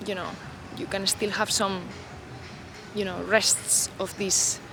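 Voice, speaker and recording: A woman's voice: mid-range voice, flat delivery, slow pace. Reflective woman vlogging over street traffic. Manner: reflective, loose, heavy on "you know" and "like" fillers. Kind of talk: unscripted talk to camera.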